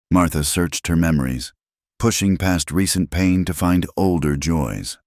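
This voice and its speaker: A man narrating a scripted story in a slow, measured, hushed way. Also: extremely low pitch, lively intonation, no room sound, studio quality.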